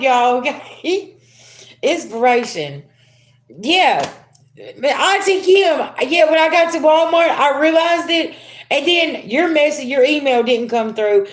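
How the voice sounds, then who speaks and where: Speaking in a fairly high, expressive voice at an unhurried pace, a middle-aged spiritual reader runs a relaxed tarot livestream. She laughs and chats with her viewers, addressing them as y'all.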